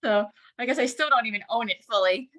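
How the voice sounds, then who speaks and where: A woman guest in a casual podcast chat, an animated storyteller who acts out quoted dialogue. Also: a little high.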